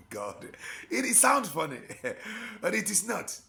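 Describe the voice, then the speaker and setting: A man's voice: on the high side, huge pitch swings, takes it slowly, gravelly, sharp tone. A man with an Igbo Nigerian accent preaching an impassioned sermon, exhorting with rhetorical questions and slipping in and out of Igbo.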